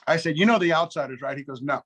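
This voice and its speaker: Middle-aged dude with a slightly high voice, swearing a lot, rattling off a story and doing everybody's lines. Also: male voice, fairly bright tone. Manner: profane, rapid anecdotes with quoted back-and-forth. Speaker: guest. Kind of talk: casual storytelling.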